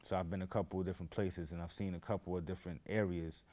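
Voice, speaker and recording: Man, slightly low voice, casual storyteller, rambling, animated when quoting others. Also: fast talker. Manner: rambling, goes off on tangents. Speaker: podcast host.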